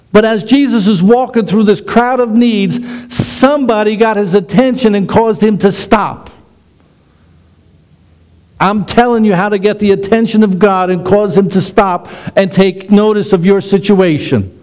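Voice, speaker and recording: A middle-aged man, a pastor, preaching a sermon with animated delivery that slows down for emphasis. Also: high-pitched, low-quality recording.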